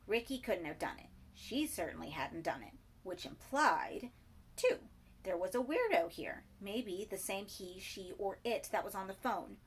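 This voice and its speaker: A woman narrating a horror story aloud with a husky voice. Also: mid-range voice. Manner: voices each character with shifts in loudness and whispers. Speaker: audiobook narrator. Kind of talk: dramatic horror story reading.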